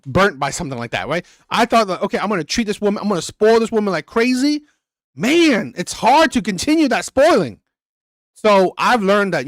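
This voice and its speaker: Heated, high-voiced man ranting. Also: dry recording, studio quality. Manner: blunt, crude, repetitive and heated. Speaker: reaction channel host. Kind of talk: ranting commentary on a played clip.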